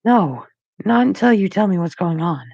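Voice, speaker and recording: A frantic teenage boy, put on by a man, pleading in a strained, raised voice that edges toward sobbing. The delivery is slow and gravelly underneath. It sounds dull and lo-fi, like a home recording. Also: expressive, darkish tone, dry recording, exaggerated voice. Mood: anxious. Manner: high strained pleading voice, breaking into sobs. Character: teen boy, anxious, pleading, tearful.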